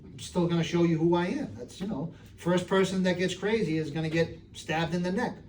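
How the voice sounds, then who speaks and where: A middle-aged American man answering audience questions in a live Q&A, earnest and streetwise, telling stories with quick acted voices. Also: sits high, a little mellow. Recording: distant room recording with faint noise.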